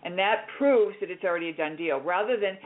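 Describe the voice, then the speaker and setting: A woman hosting a radio show, coaching a caller with lively, directive talk and acting out little scenes. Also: fairly low pitch, brisk, phone-quality sound. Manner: directive and animated, plays out scenes. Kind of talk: on-air coaching chat.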